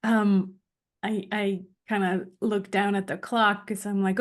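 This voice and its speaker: Casting note: woman podcast host, mid-pitched, relaxed and conversational. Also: a little slow. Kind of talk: casual podcast interview.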